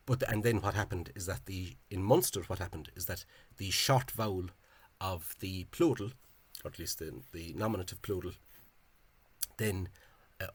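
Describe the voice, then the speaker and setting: A man with a very low, husky voice talks through a language topic in an informal video. He thinks aloud as he goes, wandering off into side points with a scholarly bent. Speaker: Irish-language spelling enthusiast. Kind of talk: informal explanatory video talk.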